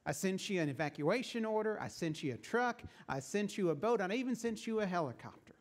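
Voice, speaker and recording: An exasperated, matter-of-fact God, put on by a male preacher telling a story, weary at being blamed. The voice sits a little high for a man and lifts into brighter, higher phrases as he makes his point. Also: lively intonation, a little fast.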